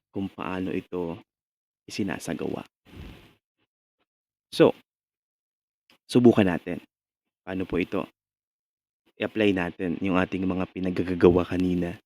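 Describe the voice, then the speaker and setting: A man's voice: sits low, vocal fry, darkish tone. A man with a Filipino accent lecturing on radio delivery. He speaks conversationally, often restarts and checks in with the class by asking "no?".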